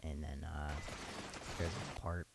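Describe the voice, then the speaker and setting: A man's voice: rumbling low, little pitch movement, a little slow, gravelly, heavy background noise. A man doing a crude, sarcastic comedy recap of an anime, full of slang and swearing.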